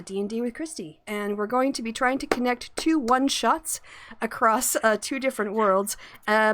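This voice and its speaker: A woman's voice: on the high side, a bit bright. A woman hosting a live-streamed tabletop game as game master, friendly and laughing, with many fillers.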